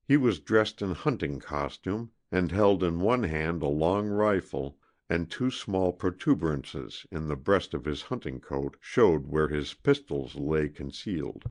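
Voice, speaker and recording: A male audiobook narrator with a very low voice, reading a historical adventure with dramatic expression. His pitch moves in a lively, animated way through the prose. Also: measured pace, few pauses. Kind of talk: scripted narration of a historical novel.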